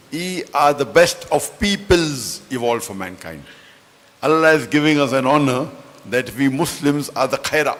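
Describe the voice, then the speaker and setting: A man giving a formal religious lecture as the invited speaker, measured and reciting scripture. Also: medium pitch, fairly bright tone. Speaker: guest lecturer.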